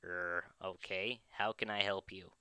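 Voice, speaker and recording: A man's voice: low voice, steady tone, measured pace, pushed and bright, smooth, no room sound. A man voicing a weary, skeptical male campus security officer. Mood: exasperated. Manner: skeptical, exasperated.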